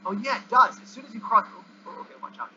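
High, bright, excitable young gamer guy. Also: fast talker. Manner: excitable, yelps and groans at the game. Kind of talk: excitable gameplay commentary. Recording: dull lo-fi recording with faint hiss.

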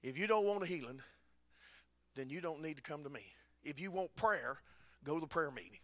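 A man, preaching a sermon as a folksy story with dry humor, rising at times to shouting. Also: on the high side, lively intonation, brisk, dry recording.

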